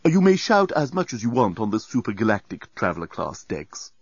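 A man's voice: fairly low pitch, big pitch swings, fairly quick, breathy edge, no room sound, exaggerated voice. A man voicing a prim, snooty male doorbot robot in an audiobook, coldly polite and sniffy like a butler, on a dry, slightly dull recording. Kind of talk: audiobook character voice.

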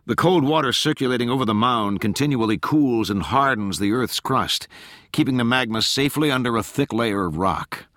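A level-headed oceanographer walking others through the science, as a man voices him. His tone is bright and forward, slightly above the narrator's pitch, recorded close and dry. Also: moderate pace, no echo, lightly acted. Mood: explaining. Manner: patient, explanatory. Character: calm, explaining male oceanographer.

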